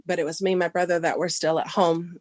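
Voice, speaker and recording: On a podcast, a middle-aged guest from Southern California casually recounts something from her own life, voicing the dialogue herself and pitching up high in excited moments. Her pace is quick, with no echo.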